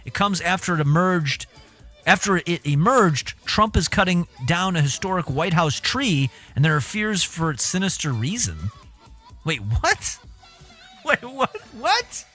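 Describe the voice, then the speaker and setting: A man's voice: fairly high pitch, animated, normal speed, bright, forceful tone, faint music behind. A young man streaming casually, reading a news article aloud with rambling, jokey asides.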